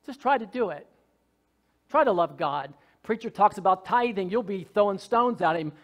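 A man preaching a sermon as pastor, fervent and folksy, swinging from soft asides to loud shouted lines with jokes along the way. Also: high-pitched, animated, moderate pace. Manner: folksy, joking.

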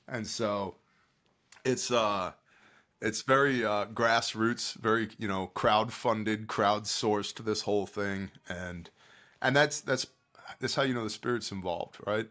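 An American man who leads disaster relief work is a guest on a podcast, telling stories in a casual chat. He speaks slowly in a fairly low voice, animated as he acts out what people said and swings between loud and hushed.

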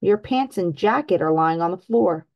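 A woman's voice: fairly low pitch, animated, moderate pace, lo-fi sound. A woman reading as Frog, a patient sensible frog. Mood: scolding. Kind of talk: read-aloud storybook voice.

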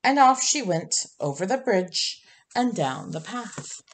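A woman reading a children's picture book aloud, unhurried and gentle. She tells the story expressively, at a middling pitch. Her pace is slow and clear, made for young listeners. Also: sing-song, slight background noise. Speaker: storybook reader.

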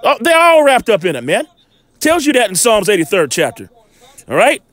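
A man's voice: sits high, huge pitch swings, normal speed, a bit bright, no echo. A man giving informal scripture teaching, reading verses aloud and breaking in with emphatic rhetorical questions. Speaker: Bible teacher.

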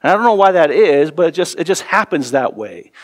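A man in his forties, a pastor preaching a sermon, earnest and repeating words for emphasis, dropping soft and low in tender passages. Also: sing-song, a little fast.

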